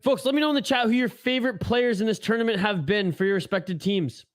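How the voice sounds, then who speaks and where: Guy streaming hockey watch-along, pretty high voice, swears a lot, calls the plays casual. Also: quick pace. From Canada. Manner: profane, joking, reads chat aloud. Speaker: live stream host.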